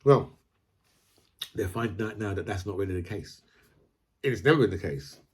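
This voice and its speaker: A man's voice: lowish voice, moderate pace. A man from Britain, ranting casually about politics, rambling, repeating himself and asking "right?" again and again. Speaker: political commentator.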